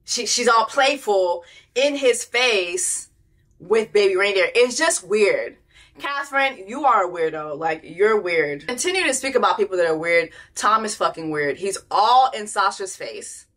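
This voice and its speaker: A woman's voice: medium pitch, lively intonation, unhurried, fairly bright tone. An American woman giving casual, blunt and profane reaction commentary on a reality show.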